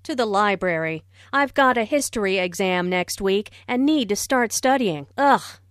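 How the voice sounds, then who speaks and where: A woman's voice: medium pitch, lively intonation, moderate pace, no room sound, studio quality, close to an everyday voice. An actress voicing a woman student heading off to study, giving plain conversational replies in a scripted textbook dialogue. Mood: casual.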